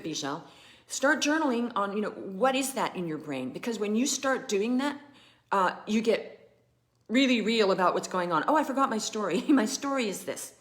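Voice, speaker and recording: Business coach, woman, mid-pitched, animated and chatty live-stream delivery.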